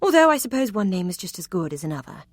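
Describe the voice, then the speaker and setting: A coquettish young lady of the Regency era teases with arch playfulness, as a woman reads her. The voice sits at a middling pitch and sounds dry and close, with no room around it. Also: big pitch swings, quick pace, no echo. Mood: teasing.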